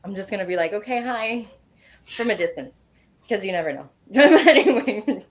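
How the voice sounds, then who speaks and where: Animated woman telling a spooky story. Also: medium pitch, fairly quick. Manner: animated storytelling with casual swearing. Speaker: guest medium. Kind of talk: casual storytelling interview.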